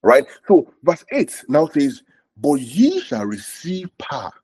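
Animated husky male preacher. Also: on the high side, slow pace, no room sound. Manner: animated, repeats himself and asks the audience questions. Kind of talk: sermon.

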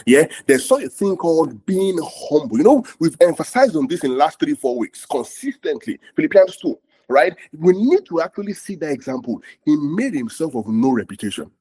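A man's voice: fairly high pitch, very animated, normal speed, hardly any pauses, dark tone, breathy edge. A man preaching a sermon as pastor, repeating phrases and asking the congregation if they are together. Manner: repetitive call-and-response, asks "are we together?".

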